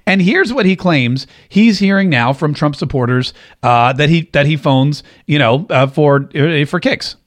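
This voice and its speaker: A man's voice: fairly high pitch, animated, measured pace, hardly any pauses. A man hosting a political commentary show, talking casually and animatedly, often stumbling over and repeating words.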